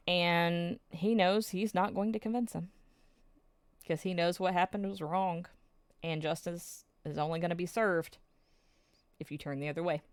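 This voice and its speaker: A woman's voice: on the low side, unhurried, long pauses, no room sound. A woman recapping episodes of a drama in a casual, emotional, storytelling way, with plenty of fillers.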